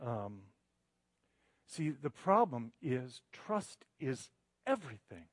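A man's voice: mid-range voice, very animated, takes it slowly, pauses often, dry recording. A middle-aged man delivering a sermon as a guest preacher, chatty and self-deprecating, building to emphatic passages. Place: church sanctuary.

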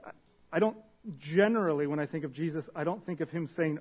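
A young man delivers a sermon in a loose, conversational style, slipping into slang and restarting his sentences as he reads and explains scripture. His voice sits a little higher than most men's. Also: a little fast, darkish tone, slightly rough. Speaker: pastor.

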